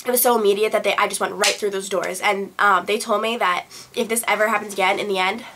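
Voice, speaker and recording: A young woman vlogger telling a personal story to camera in a casual, animated way, acting out quotes and filling with "blah, blah". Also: mid-range voice, fast, a little hiss or hum. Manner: animated retelling, acts out quotes, fillers like "blah blah". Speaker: beauty vlogger.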